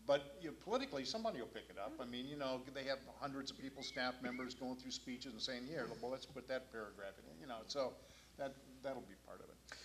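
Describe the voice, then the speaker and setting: A man giving his opinions as a talk show panelist, relaxed and rambling. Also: mid-range voice, quick pace, a little hiss or hum, low-quality recording. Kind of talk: casual talk show chat.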